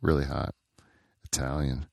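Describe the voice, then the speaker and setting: A man's voice: rumbling low, flat delivery, a little slow, creaky, darkish tone, dry recording, clean studio sound. A middle-aged man co-hosting a podcast in casual chat, rambling with lots of fillers and frequent laughs. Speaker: podcast co-host.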